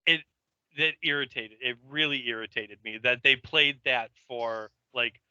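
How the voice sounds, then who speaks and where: A man with a very bright, sharp voice co-hosts a casual recap podcast, often agreeing and restarting his sentences as he builds a point. His dull, lo-fi mic sounds close and dry. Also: medium pitch, unhurried, smooth, no room sound. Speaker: podcast co-host.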